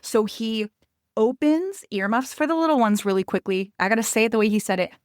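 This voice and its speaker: A woman's voice: on the high side, brisk, no echo, clean studio sound. A woman in her thirties hosting a podcast, telling a personal story in a confiding, emphatic way and speaking straight to her listeners. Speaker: podcast host.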